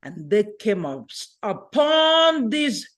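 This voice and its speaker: During a church worship service, a woman tells a children's story, speaking right to the kids in an animated, expressive manner. Her voice is fairly high, and she goes slowly.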